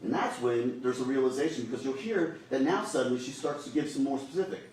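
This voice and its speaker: A man's voice: mid-range voice, quick pace, a little mellow, slight background noise. A man giving a prosecutor's closing argument to a jury, pressing and repeating his points. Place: courtroom. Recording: echoey courtroom, voice from far off.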